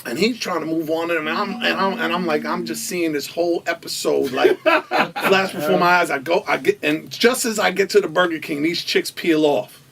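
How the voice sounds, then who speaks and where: A man's voice: a little high, normal speed, creaky, a bit bright, distant mic, slight background noise. A man animatedly telling a wild anecdote as a guest, acting out the quoted voices and laughing as he goes. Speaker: storytelling guest.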